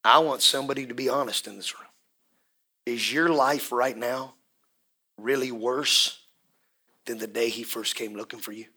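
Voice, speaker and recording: A man preaching a sermon as pastor, swinging from hushed near-whispers to shouted refrains and urging the congregation to respond. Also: medium pitch, normal speed, long pauses, slightly rough.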